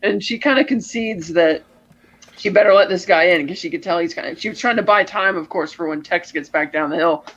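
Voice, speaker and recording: High-voiced man retelling a film. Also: fairly quick, muffled recording. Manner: animated retelling, acting out lines. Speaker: podcast co-host. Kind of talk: casual film recap.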